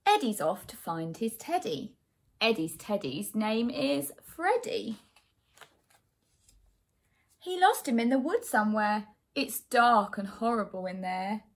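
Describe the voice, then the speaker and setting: Expressive woman reading a children's story. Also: on the high side, slow. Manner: expressive, sing-song rhyming delivery. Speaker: teacher reading a picture book. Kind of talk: children's storybook read-aloud.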